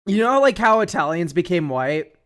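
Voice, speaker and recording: A young man with a high voice chats casually on a stream. He rambles and jokes sarcastically, laughing often between thoughts. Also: big pitch swings, normal speed, fairly bright tone. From United States. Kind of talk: casual chat.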